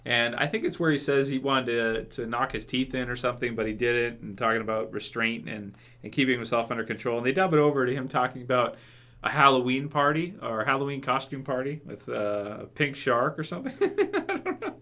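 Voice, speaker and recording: An English-raised young man talking through a casual reaction video. He rambles, restarts his sentences and breaks into laughter often. His pitch sits in the ordinary middle range for a man. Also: lively intonation, brisk, pushed and bright. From England. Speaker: YouTube reaction host.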